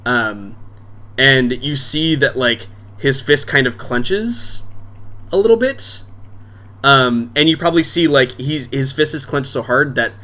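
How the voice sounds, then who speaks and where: A man's voice: mid-range voice, lively intonation, a little slow, bright, forceful tone. A man narrating as game master in a casual, filler-heavy way.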